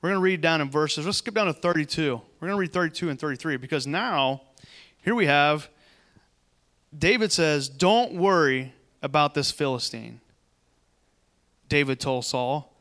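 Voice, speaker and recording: A man preaching a sermon, reading scripture aloud and breaking off into quick, conversational asides. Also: a little high, a bit bright. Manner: conversational, quick asides between read passages.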